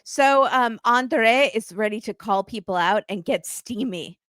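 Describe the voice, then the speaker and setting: A woman hosting a casual recap chat, telling the story with lively acted-out quotes and free swearing. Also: on the high side, measured pace, dry recording, clean studio sound. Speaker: podcast host.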